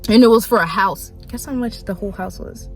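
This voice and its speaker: A young woman talks into her phone in a loose, rambling vlog rant, packed with "like" and little laughs. Her pitch sits in an ordinary middle range. Soft music plays faintly behind her. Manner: rambling, lots of "like", quick laughs and mock voices. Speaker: vlogger. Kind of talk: casual rant to camera.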